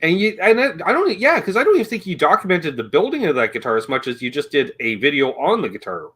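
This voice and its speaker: A man's voice: fairly high pitch, sing-song, quick pace, a bit bright, slightly rough. A man hosting a casual livestream chat, rambling and joking and reading viewer comments aloud as he talks. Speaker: livestream host.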